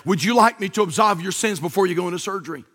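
A man voicing a hurried, impatient male hospital chaplain in a retold story. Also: high-pitched, a bit bright, husky, voice pushed down. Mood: brusque. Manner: impatient, flustered.

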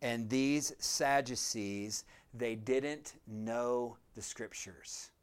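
A man's voice: medium pitch, extremely slow, clean tone. A pastor preaching a sermon, a man speaking earnestly with emphatic repetition and a conversational touch.

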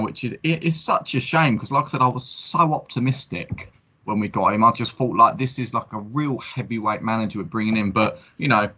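A man with a slightly husky, middle-pitched voice talks football in an emphatic, rambling way, often restarting his sentences. It is a casual podcast chat. The recording is a bit dull and lo-fi. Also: fairly bright tone. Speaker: podcast co-host.

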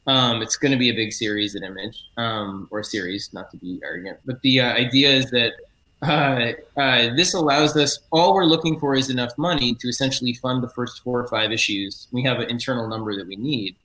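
A man's voice: medium pitch, fairly quick, pushed and bright, low-quality recording. A middle-aged man, a comic book writer, explaining his work in a casual interview, earnest and eager, often correcting himself mid-sentence.

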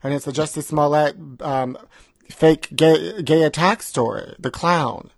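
A man's voice: on the high side, measured pace, creaky, no echo. A man co-hosting a comedy podcast from home, chatting in a campy, gossipy way and calling his co-host honey. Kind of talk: casual comedic chat. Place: recording remotely.

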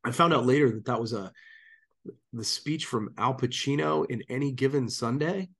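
A man's voice: mid-range voice, normal speed, vocal fry, fairly bright tone, slightly rough. A man co-hosting a podcast, chatting in a casual, easygoing way. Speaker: podcast co-host.

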